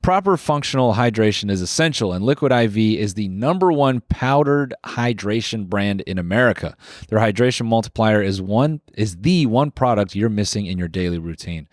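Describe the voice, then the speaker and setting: A man's voice: lowish voice, no echo, clean studio sound. A man co-hosting a podcast, reading a sponsor ad in a loose, chatty way with lots of fillers. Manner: loose, filler-heavy ad read. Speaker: podcast co-host. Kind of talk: casual chat and host-read ad.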